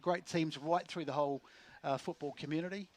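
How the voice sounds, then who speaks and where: New Zealand-accented male guest, brisk rambling radio chat. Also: on the high side, steady tone. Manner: rambling, many fillers and restarts. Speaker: league guest commentator. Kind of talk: pre-match sports radio chat.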